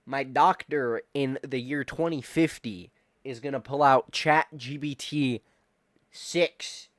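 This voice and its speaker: A man's voice: mid-range voice, no echo, studio quality. A man in his twenties streaming casual chat, rambling, swearing and repeating himself as he reacts to chat. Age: 20s.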